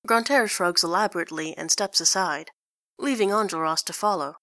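A woman reads a story aloud in a wry, dry manner. Her voice sits a little low but sounds bright and forward. The recording is dry and close to the mic. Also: moderate pace, no echo. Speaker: story reader. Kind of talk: reading fan fiction aloud.

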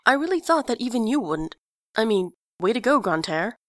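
A woman's voice: on the high side, very animated, moderate pace, no echo, clean studio sound. A woman voicing an intense, righteous young male activist with a cold, clipped, staccato delivery. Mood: angry.

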